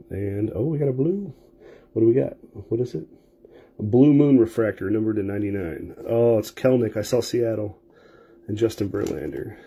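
A man's voice: on the low side, gravelly, mellow, slight background noise. A man casually calling out player names and card finds as he opens packs during a live sports card break.

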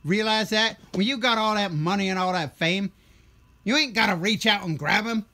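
A man voicing an exaggerated, crude redneck guy with a loud, mocking, drawling delivery. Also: high voice, moderate pace, voice pushed up.

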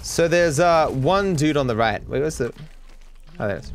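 A man's voice: a little high, lively intonation, normal speed, faint music behind. An Australian man giving live video game commentary, talking anxiously and stammering with repeated words. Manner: anxious, stammering, swings into panicked outbursts.

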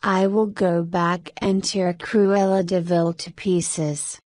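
Give me an earnest, devoted mother dalmatian, read by a woman, slow and clear. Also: fairly low pitch, little pitch movement, a little mellow, no room sound, studio quality. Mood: defiant. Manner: earnest, fierce when roused.

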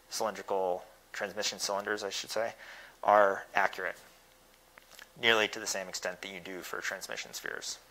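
Man, fairly low voice, bright tone, technical Q&A answers, faint noise. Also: rough recording. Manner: thoughtful, technical, hesitant with fillers. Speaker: guest speaker answering questions. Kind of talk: academic Q&A.

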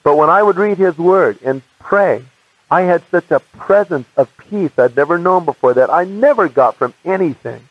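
An American man telling his personal faith testimony as an animated storyteller, acting out the voices of people he quotes. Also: a little high, normal speed, no room sound. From United States. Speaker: evangelist giving his testimony. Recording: muffled dry archive recording.

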